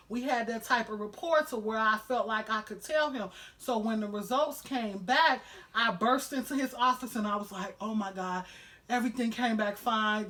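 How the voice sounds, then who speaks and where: A woman's voice: a little high, fairly bright tone. A woman vlogger telling a personal story to camera at home, emotional and candid, with a lot of "you know" fillers.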